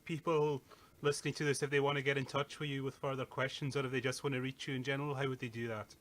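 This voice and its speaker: A man hosting a podcast, wrapping up casually with fillers and some halting. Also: mid-range voice, little pitch movement, fairly bright tone. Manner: informal, a little halting, with fillers. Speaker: podcast host.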